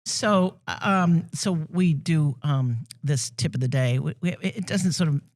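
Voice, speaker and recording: A woman from New England co-hosting a podcast, chatty and quick to laugh. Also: deep voice, a little mellow. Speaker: podcast co-host. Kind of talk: casual podcast chat.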